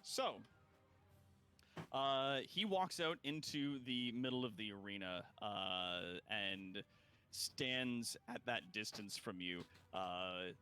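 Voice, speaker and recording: A man's voice: lowish voice, slow, pushed and bright. A man running a tabletop game as game master, narrating casually and playfully, laughing often and using lots of fillers.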